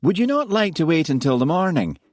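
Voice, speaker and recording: A man's voice: fairly high pitch, sing-song, brisk, dry recording, studio quality, pitched above the performer's own voice. A man voicing a pompous, genial police superintendent who talks in an avuncular, showy way.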